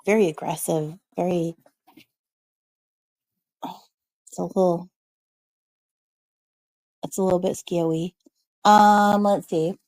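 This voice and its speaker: A woman chats casually on a livestream from home, rambling and answering her viewers' messages. Her voice has a gravelly, crackling fry at a middle pitch. The sound is close and dry. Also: warm tone, no room sound. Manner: chatty and rambling, lots of "like" and "um". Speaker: streamer. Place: at home, snowed in.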